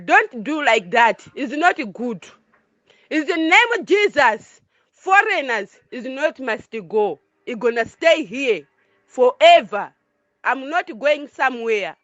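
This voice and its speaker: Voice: high voice, sing-song, slow pace, a bit bright, no echo. A foreign resident giving an impassioned monologue in broken English, repeating points emphatically. The recording is dull and lo-fi.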